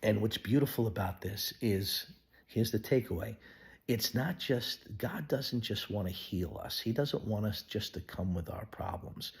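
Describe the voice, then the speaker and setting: A man giving an earnest devotional Bible teaching, sometimes dropping to a hushed whisper. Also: fairly low pitch, a little slow, gravelly, husky. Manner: acts out quoted voices of people in the story. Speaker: pastor.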